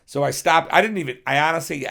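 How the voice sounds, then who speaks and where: A man's voice: on the high side, fast talker, creaky, fairly bright tone. A middle-aged man who is a guest on a podcast, telling rambling, profane stories in a casual interview and acting out other people's voices.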